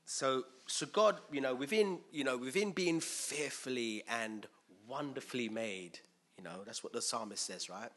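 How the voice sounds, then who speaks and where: A man preaching a conversational sermon in a chatty, lively way, full of fillers and repeated words. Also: mid-range voice.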